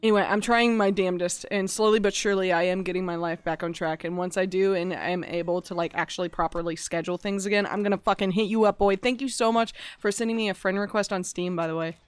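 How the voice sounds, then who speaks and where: A woman's voice: mid-range voice, steady tone, quick pace, hardly any pauses, clear, resonant tone, no room sound. A woman streaming a game live, chatting casually with viewers in a playful, profane way. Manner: playful, profane, bursts into gasps and laughs. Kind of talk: casual live-stream chat while gaming.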